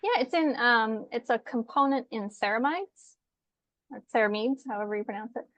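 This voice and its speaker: A woman guest and skincare educator talking in a casual conversation, lively and animated, sometimes acting out quoted complaints. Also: a little high, quick pace, no echo, highs cut off.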